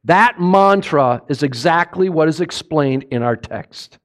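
A middle-aged man preaching a sermon as pastor, impassioned, swinging between loud peaks and quiet asides, often putting questions to the congregation. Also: fairly high pitch, expressive, measured pace, hardly any pauses. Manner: impassioned, rising and falling, asks the congregation questions.

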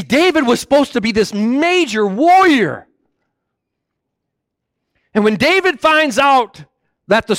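A man preaching a sermon with animated storytelling who often corrects himself mid-phrase. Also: high voice, no room sound, studio quality.

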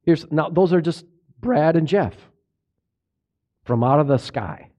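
Man, pastor, sermon, high voice, lively swinging pitch, unhurried. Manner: animated, swings from low and hushed to loud exclamations; asks the congregation questions.

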